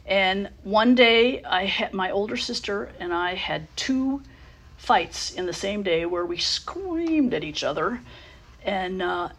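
A middle-aged woman sharing her personal story at a recovery meeting, halting with many fillers and restarts, dropping to a soft near-whisper at tender moments. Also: mid-range voice, creaky.

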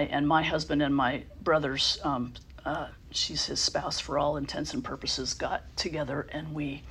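This middle-aged woman recounts her story at a recovery meeting in a low voice, faltering with fillers and starting over often. At tender points she softens almost to a whisper, and there's a little hiss or hum.

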